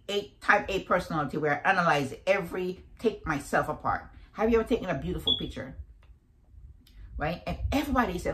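A woman in her fifties with a deep voice, giving a preachy, animated motivational talk grounded in faith and repeating affirmations. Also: rough recording. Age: 50s. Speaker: motivational vlogger.

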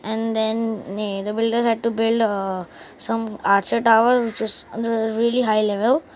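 High-voiced rambling woman gaming vlogger. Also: flat delivery, normal speed, a little mellow, slight background noise, rough recording. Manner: rambling, many restarts, loses track of the story. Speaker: gaming channel host. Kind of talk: casual gaming commentary and story retelling.

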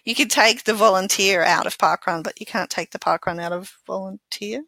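A woman co-hosting a casual podcast chat, lively and chatty, sometimes searching for her words. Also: medium pitch, fairly quick, gravelly, dry recording. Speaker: podcast co-host.

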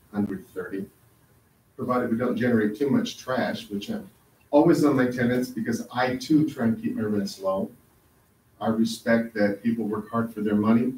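A man's voice: mid-range voice, a little mellow, a little hiss or hum. A man speaking at a public hearing, earnest and insistent as he confronts officials. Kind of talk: public comment at a council meeting. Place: council chamber. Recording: echoey hall, mic from a distance.

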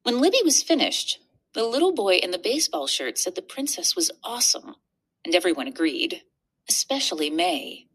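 A woman reading a children's book aloud in an expressive, animated storybook narration. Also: medium pitch, moderate pace, husky. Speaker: reader.

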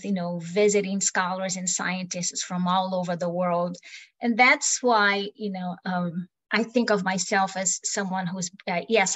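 A woman from Brazil with a Brazilian accent, giving an earnest webinar talk with many "you know" fillers. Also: mid-range voice. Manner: warm, earnest, with frequent fillers. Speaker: guest speaker. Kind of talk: webinar presentation.

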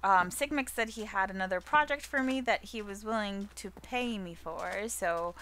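A young woman hosting a casual gameplay commentary video, bubbly and playful, cooing at a pet in a high baby-talk voice. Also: moderate pace, bright, forceful tone, slight background noise. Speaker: gaming channel host.

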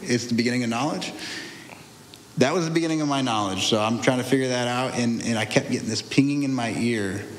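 A young man tells his story in a loose, rambling way, circling back and restarting his sentences. His voice sits at an ordinary middle pitch. It echoes in a roomy space with a long reverb tail and faint ambient noise behind it. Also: brisk. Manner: rambling, restarts often, laughs through hard memories. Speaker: guest sharing a testimony. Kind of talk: candid conversational testimony.

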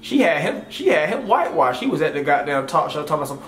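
A man's voice: high-pitched, sing-song, quick pace, fairly bright tone. Blunt, scornful male commentary host. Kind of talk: casual opinion commentary. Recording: echoey room with faint music.

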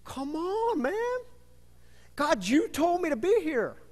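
Exasperated male prophet, put on by a man, high and strained, pleading, long reverb. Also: very animated, slow pace, darkish tone, heavily acted.

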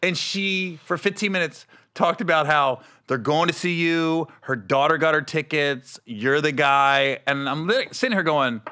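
A man's voice: fairly high pitch, measured pace, few pauses, sharp tone. A middle-aged man hosting a podcast, telling stories animatedly and laughing often in casual chat. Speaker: podcast host, comedian.

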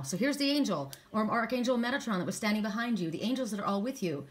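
Woman, oracle card reader, encouraging, rambling, restarts often, mid-pitched voice. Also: lively intonation, fast, few pauses. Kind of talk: spiritual card reading to viewers.

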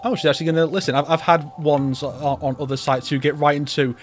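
A man's voice: a little high, fairly even intonation, fast, few pauses, faint music behind. A man hosting a YouTube video, giving comedic commentary with wry, sarcastic asides. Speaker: YouTuber host.

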